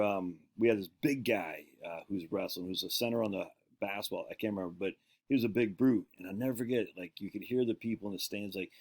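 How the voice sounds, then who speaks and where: A man with a fairly low voice tells loose, rambling stories from his own life, full of asides and self-corrections. He grew up on an island in Maine and hosts his own casual show. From Peaks Island, Maine. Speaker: show host.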